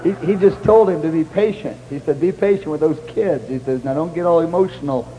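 A man's voice: a little high, fairly quick, mellow. A man retelling a shared story, quoting others and prompting his partner to go on. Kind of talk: conversational retelling. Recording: long hall reverb with faint hum.

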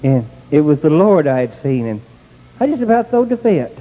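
A man's voice: fairly high pitch, normal speed, highs cut off. Older man telling folksy stories. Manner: plain country speech, rising to excited outbursts. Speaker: testimony speaker. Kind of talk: folksy storytelling. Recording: long hall reverb.

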